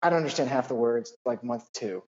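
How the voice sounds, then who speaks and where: A male physician telling a personal anecdote in an animated, self-deprecating way, full of asides. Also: medium pitch, a little fast, dull audio.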